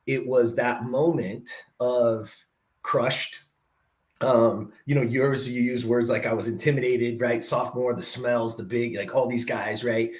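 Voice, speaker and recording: Animated man telling a story. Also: medium pitch. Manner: animated, acts out quoted dialogue, says "right?" often. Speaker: podcast host. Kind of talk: conversational storytelling.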